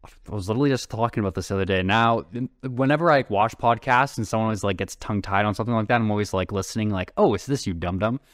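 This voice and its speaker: Recorded dry at studio quality, this male co-host speaks very fast in a fairly low, fairly bright voice. The podcast talk is casual, and he rambles, says "like" constantly, and occasionally trips over his words.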